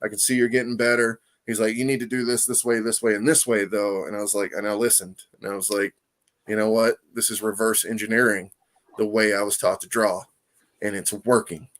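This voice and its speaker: A man telling a story in a casual interview, animated and profane, acting out quoted voices and laughing often. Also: lowish voice, fairly quick. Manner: animated, profane, lots of "you know what I mean". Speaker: comic artist guest.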